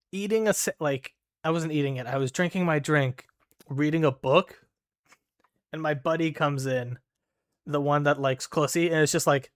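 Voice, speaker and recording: A man's voice: a little high, dry recording, clean studio sound. A young man streaming a game late at night, telling a rambling, profane story full of fillers. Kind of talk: casual storytelling while gaming.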